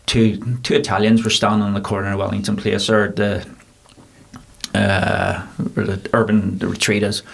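A bartender with a Belfast accent telling rambling, animated anecdotes in a casual interview. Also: male voice, lowish voice, moderate pace, gravelly.

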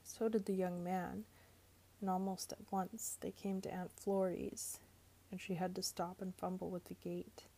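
A woman narrating a novel aloud in a measured, even storytelling manner. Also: fairly low pitch, breathy edge. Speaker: audiobook narrator. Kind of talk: storybook reading.

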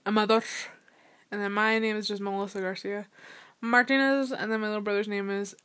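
A woman's voice: medium pitch, steady tone, fairly quick, a bit bright, clean tone. A young woman in casual chat, talking in a rambling way full of fillers. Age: young adult. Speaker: vlogger.

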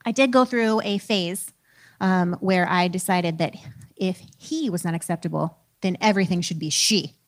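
A woman's voice: fairly low pitch, normal speed. A woman in her thirties, a preacher and teacher, giving a casual, conversational talk with a self-deprecating manner.

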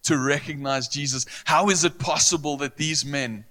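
Bright-voiced earnest male preacher. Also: a little high, moderate pace. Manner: earnest, emphatic, repeats phrases. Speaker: pastor. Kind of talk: sermon.

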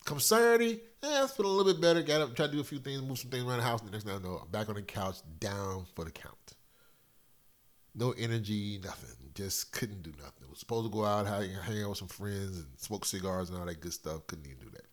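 A man's voice: on the low side, animated, quick pace. Man rambling, profane podcast host. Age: middle-aged. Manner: loose, profane, rambling storyteller with big swings in loudness. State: slightly congested from a cold. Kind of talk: casual solo podcast monologue.

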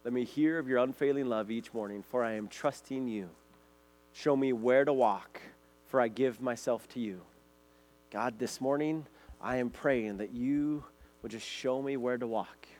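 A man of ordinary pitch preaches as pastor, earnest and steady as he reads scripture aloud. A faint electrical hum sits under the recording. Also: unhurried. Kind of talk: sermon.

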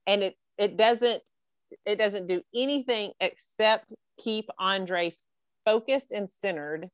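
A woman's voice: mid-range voice, takes it slowly, smooth, dry recording, highs cut off. A woman hosting a podcast over a video call, speaking earnestly and emotionally with heartfelt praise. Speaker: podcast host.

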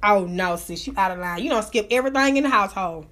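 A woman live-streaming, telling a story as a loud, profane, animated rant. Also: medium pitch, fast talker, few pauses. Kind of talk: casual ranting storytelling.

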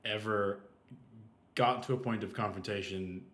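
Animated man telling a story. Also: on the low side, normal speed. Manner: rambling, animated retelling with restarts and acted-out quotes. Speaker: podcast co-host. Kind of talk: casual storytelling chat. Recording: roomy echo.

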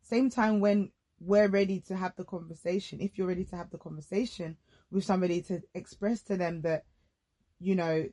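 A woman's voice: lowish voice, mellow. Earnest, reflective woman host. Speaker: podcast host. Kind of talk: casual faith-based chat.

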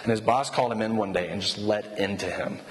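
A man's voice: lowish voice, quick pace. A man preaching a sermon in a casual, storytelling way, acting out quoted dialogue. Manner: conversational, animated retelling of quoted dialogue. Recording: reverberant hall with faint ambient noise.

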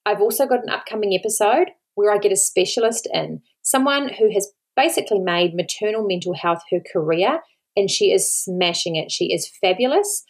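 A woman's voice: medium pitch, animated, normal speed. An Australian woman, a podcast host and mother, talking earnestly and pleadingly to listeners, near tears, repeating words for emphasis. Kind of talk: solo podcast talk.

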